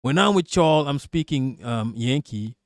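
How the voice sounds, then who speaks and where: A man's voice: medium pitch, animated, a little slow, no room sound, studio quality. A man from Malaysia with an American English accent, streaming and reacting to chat in a blunt, profane, rambling way. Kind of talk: livestream commentary, reading chat.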